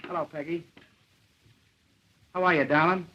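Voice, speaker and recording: An actor playing a brash, wisecracking young male newspaper reporter in a 1930s film, talking fast and cocky. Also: fairly high pitch, steady tone, pushed and bright, lo-fi sound, slight background noise. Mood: coaxing.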